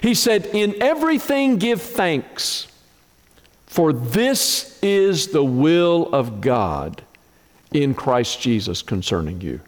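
A man preaching a sermon as pastor, slow and emphatic, with dramatic swings in pitch. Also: very animated, long reverb tail.

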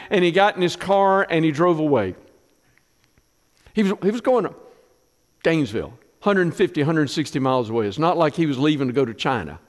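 A middle-aged man preaches a sermon in a slightly high voice, his words ringing out with a long reverb. He tells stories with deep feeling and sinks to a soft hush at the tender parts. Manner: storytelling, emotional, softens to a hush in tender moments. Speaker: pastor.

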